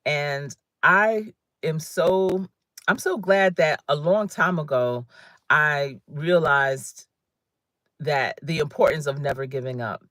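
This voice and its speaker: A woman's voice: sits low, takes it slowly, dry recording. This is a middle-aged woman whose New Jersey accent still colors her easygoing speech. She chats loosely with her viewers, laughing often as she reads their comments. Her voice is captured close and dry, with no room sound around it. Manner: chatty and warm, laughing often, reading viewer comments aloud. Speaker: career coach. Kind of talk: casual livestream chat.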